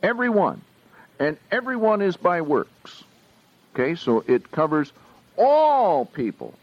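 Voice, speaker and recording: Preacher guy going slow through bible verses, pitch jumps all over, dull lo-fi sound. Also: very animated. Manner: slow and questioning, asks the audience often. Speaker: pastor teaching a Bible study. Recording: dull lo-fi recording.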